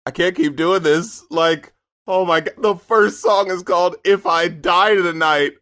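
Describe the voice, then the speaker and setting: Joking male co-host, slightly high voice. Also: measured pace. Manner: animated and joking, swears, laughs a lot. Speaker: co-host of an album review show. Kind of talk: casual review chat.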